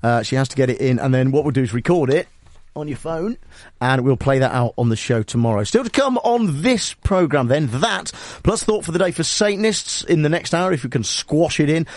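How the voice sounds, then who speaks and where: A man's voice: a little high, animated, a little fast, dry recording, studio quality. A man hosting a talk radio show, teasing and joking with his producer in casual banter. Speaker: radio host.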